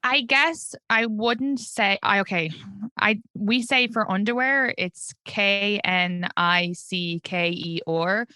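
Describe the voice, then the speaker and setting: Bright-voiced Irish woman in her thirties. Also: mid-range voice, slow, clear, resonant tone, no room sound, studio quality. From Ireland. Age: 30s. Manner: chatty, candid, laughs often. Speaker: comedian guest. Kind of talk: casual interview chat.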